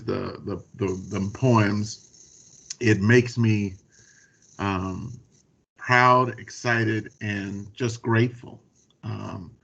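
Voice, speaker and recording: A middle-aged man from Texas, a university dean staff member, speaks earnestly and haltingly at an online event, pausing on fillers and restarts. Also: fairly low pitch, creaky, fairly bright tone. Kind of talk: spontaneous remarks at an online event. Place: video call. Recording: dull video call audio.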